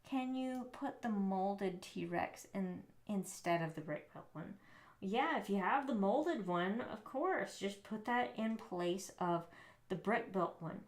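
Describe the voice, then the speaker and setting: A woman's voice: mid-range voice, lively intonation, takes it slowly, echoey room. A woman hosting a live building stream, chatting casually and muttering in frustration as she builds. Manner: frustrated, muttering and often soft-spoken while building.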